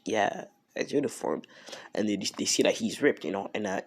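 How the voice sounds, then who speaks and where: A man's voice: on the low side, very animated, moderate pace, gravelly, husky. A man casually retelling an improvised fan story, rambling with lots of fillers and slang.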